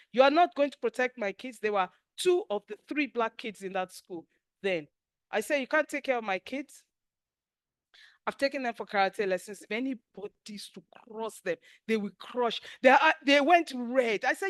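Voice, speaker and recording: A middle-aged Nigerian woman with a Nigerian accent, leading a spiritual teaching class, telling stories with acted quotes in an animated, emphatic way. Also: sits high, no room sound, studio quality.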